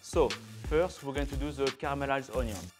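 French-accented chef demonstrating a recipe. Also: male voice, medium pitch, brisk. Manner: chatty, playful, sprinkles French words. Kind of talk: cooking demonstration. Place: kitchen. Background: background music and sizzling food.

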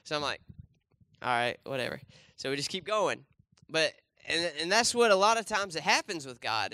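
A young pastor gives a loose, conversational sermon in church, full of fillers and restarts. His voice sits a bit high and sounds bright and forceful. The sound is close and dry, with little room echo. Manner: conversational, many fillers and restarts, asks the congregation questions. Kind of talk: casual sermon with a volunteer demonstration.

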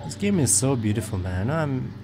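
A man hosting a let's play, talking about his game and shouting commands between chatty asides. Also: mid-range voice, very animated, moderate pace, vocal fry, over music. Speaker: gaming video host.

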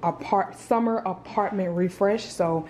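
At home in her apartment, a young woman vlogger talks casually to a camera on a tripod, calling viewers "girl" and "y'all." She speaks unhurriedly in a mid-range, darkish voice, with slight background noise.

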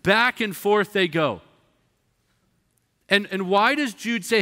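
A man's voice: high voice, lively intonation, slow, sharp tone. A man preaching a sermon in a church, emphatic and conversational, acting out the voices of the people he describes. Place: church sanctuary. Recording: long reverb of a church hall.

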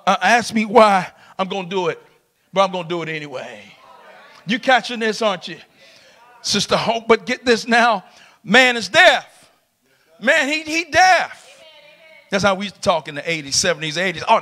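A middle-aged man preaching a lively sermon in a church, shouting and laughing with the congregation. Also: high-pitched. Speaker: pastor. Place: church sanctuary.

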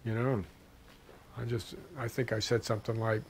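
A man's voice: mid-range voice, flat delivery, normal speed, slight background noise. An older man, a former army officer, recounting combat vividly in a documentary interview. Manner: vivid, storytelling.

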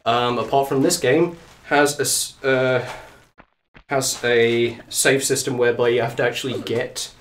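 A man streaming a game live, out of breath and excitable, talking to the character on screen and to his viewers. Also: mid-range voice, measured pace, slight background noise. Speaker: let's play streamer. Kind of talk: live gameplay commentary. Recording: echoey room, mic at a distance.

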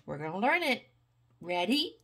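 An older woman, a grandmother, reading a picture book aloud to a child, animated and coaxing, asking questions as she goes. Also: mid-range voice, normal speed, breathy edge.

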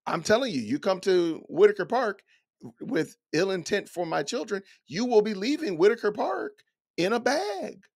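A middle-aged man talks through an essay line by line, firing off folksy, incredulous questions. His voice sits a touch high for a man. It rises and falls a lot. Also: sing-song, moderate pace, vocal fry. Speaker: commentator. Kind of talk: reading aloud and reacting to an essay.

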